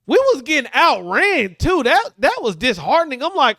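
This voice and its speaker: A man's voice: very high-pitched, big pitch swings, pushed and bright, no room sound, studio quality. A man hosting a show and reacting to football in casual, slangy, emphatic commentary. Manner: emphatic, slangy, drawn-out repeats. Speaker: podcast host reacting.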